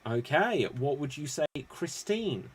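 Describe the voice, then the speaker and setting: A man's voice: a little high, very animated, a little slow, slightly rough. A man hosting an online improv game show, playful and self-mocking.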